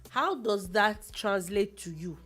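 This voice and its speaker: A woman's voice: mid-range voice, animated, slow, fairly bright tone, soft background music. A woman co-hosting a casual radio show, bantering playfully and teasing her partner. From Nigeria. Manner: playful, teasing, talks over her co-host.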